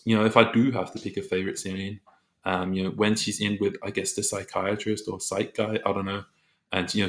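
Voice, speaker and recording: A man's voice: lowish voice, a bit bright. A young man giving a casual, rambling film review, leaning on "you know" and "like" and acting out his own reactions. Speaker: movie reviewer.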